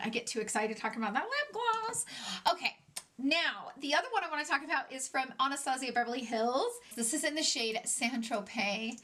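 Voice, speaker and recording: High bright voice, excitable chatty woman doing a makeup review vlog. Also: normal speed. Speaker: beauty vlogger. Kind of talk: casual product review.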